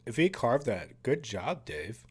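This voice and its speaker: A man's voice: mid-range voice, very animated, a little slow, husky. Laid-back man chatting over a film. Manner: laid-back and chatty, laughing often, casual swearing. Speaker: podcast host. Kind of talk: casual movie commentary.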